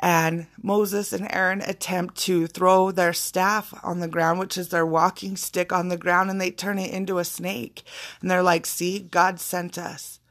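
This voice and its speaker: A woman's voice: lowish voice, flat delivery, a little slow, a bit bright. A woman giving a casual spiritual pep talk in an emphatic, repetitive way, with blunt swearing. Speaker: motivational speaker.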